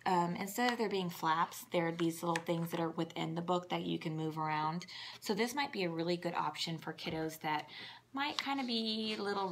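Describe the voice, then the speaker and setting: A chatty woman with a fairly low voice and a gravelly, fry-edged tone. She walks through children's books in a casual way and bursts into playful sing-song sound words as she goes. Faint noise hums behind her. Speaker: children's book reviewer. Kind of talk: casual show-and-tell of books.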